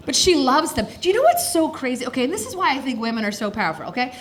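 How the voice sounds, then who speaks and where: A woman's voice: fairly high pitch, very animated, brisk, slight background noise. A woman in her thirties doing a frank, chatty stand-up set on a comedy stage, working the crowd. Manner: chatty, frank, self-mocking.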